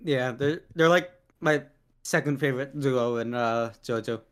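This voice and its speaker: A man's voice: mid-range voice, a little slow. A young man co-hosting a podcast, talking in a casual, rambling way with plenty of fillers. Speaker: podcast co-host. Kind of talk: casual chat.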